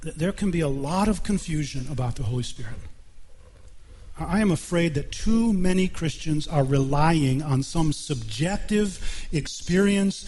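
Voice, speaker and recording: A man's voice: on the high side, moderate pace, a little hiss or hum. A man preaching a sermon in a church, earnest and emphatic, often repeating himself. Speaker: pastor.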